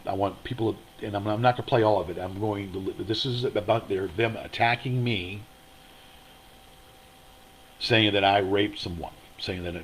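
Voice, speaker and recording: A man's voice: deep voice, a little hiss or hum, low-quality recording. A man hosting his own online show, ranting in a rambling, aggrieved way and repeating himself. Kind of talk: angry livestream monologue. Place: motel room.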